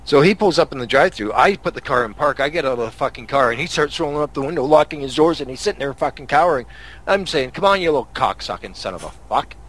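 A man's voice: a little high, fast, a bit bright. A man from Canada hosting a podcast, telling angry road-rage stories in a profane, casual rant. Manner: angry, swearing storyteller. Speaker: podcast host.

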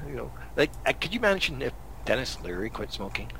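A man's voice: medium pitch, very animated, fast, creaky, bright, forceful tone, a little hiss or hum. A man from Canada hosting a podcast, telling angry road-rage stories in a profane, casual rant. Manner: angry, swearing storyteller. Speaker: podcast host.

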